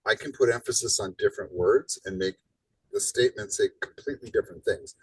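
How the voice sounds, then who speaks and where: A college instructor teaches a live class in a casual lecture style, tagging his points with a rhetorical "right?" and playing up his emphasis with animation. His voice is on the low side, fast and slightly rough, captured far from the mic in a rough recording with no room sound.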